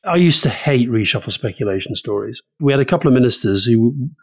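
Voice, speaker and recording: A man's voice: mid-range voice, expressive, brisk, breathy edge. A man co-hosting a political podcast in casual chat, blunt and combative, swearing casually. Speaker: podcast co-host.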